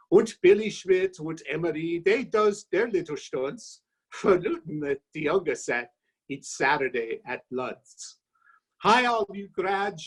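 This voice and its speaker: A jolly, homesick exile with a thick German accent booms out rhymed verse, as a man puts him on. The voice sits noticeably higher than an ordinary man's and stays loud and buoyant. The recitation is hearty and sing-song throughout. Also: husky, exaggerated voice, low-quality recording. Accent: put-on German. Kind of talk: recited comic toast.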